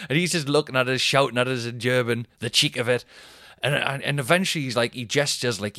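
Male comic host, 30s, mid-pitched, animated sweary storyteller, dry mic. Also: fairly quick, no echo. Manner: rambling, sweary, animated anecdote-telling. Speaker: comedian podcast host. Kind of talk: casual storytelling.

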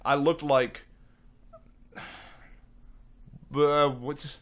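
A man's voice: fairly high pitch, fairly even intonation, extremely slow. A male voice actor talking casually and self-deprecatingly about his role, rambling a little. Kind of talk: casual interview.

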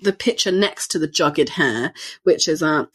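A woman's voice: sits low, unhurried, slightly rough. A woman co-hosting a cookbook podcast, joking bluntly in casual chat. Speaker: podcast co-host.

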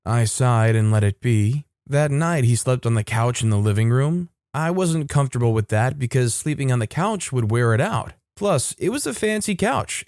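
A man's voice: medium pitch, a little mellow, no room sound, studio quality. A man reading a reddit story aloud as scripted narration, keeping quoted lines in his own voice.

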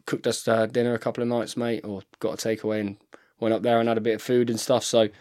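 A man's voice: fairly low pitch, little pitch movement, quick pace, a little mellow. A man in his thirties, a rugby player chatting casually as a podcast guest, telling stories and saying "mate" all the time. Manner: chatty storyteller, says "mate" constantly. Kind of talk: casual chat.

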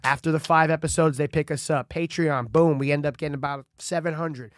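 A man with a fairly high voice talks fast and profanely as a comedian co-host, hyping his plans in loose podcast banter. The room sound is dry and close. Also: steady tone, no echo. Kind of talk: crude casual podcast banter.

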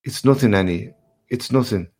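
A man's voice: mid-range voice, moderate pace, darkish tone, husky, pitched above the performer's own voice, lightly acted. A man reading the lines of a timid young clerk who stammers. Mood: distressed.

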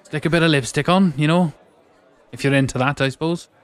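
A man's voice: on the high side, brisk, clean tone, a faint crowd. A man playing a tabletop game, joking in a bawdy way. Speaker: player. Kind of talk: in-character tabletop role-play.

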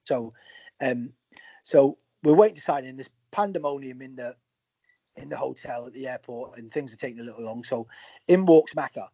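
Husky-voiced man telling lively anecdotes. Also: medium pitch, normal speed, dry recording. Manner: animated storyteller acting out quoted dialogue. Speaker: former footballer, interview guest. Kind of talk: casual anecdotal storytelling. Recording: slightly muffled, dry audio.

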